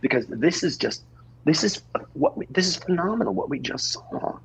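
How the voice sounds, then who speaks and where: A flustered, pleading married father, played by a man, who stammers and repeats himself. His voice is very husky and gravelly, and his pitch leaps up and down constantly as he improvises on stage. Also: big pitch swings, normal speed, exaggerated voice, low-quality recording. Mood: urgent. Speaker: improv performer. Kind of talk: improv scene acting. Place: theater stage.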